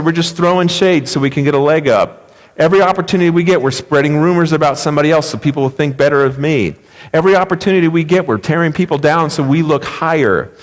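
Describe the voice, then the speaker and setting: Brief: male pastor, mid-pitched, lively storytelling sermon, long church reverb. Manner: storytelling, emphatic, conversational. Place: church sanctuary.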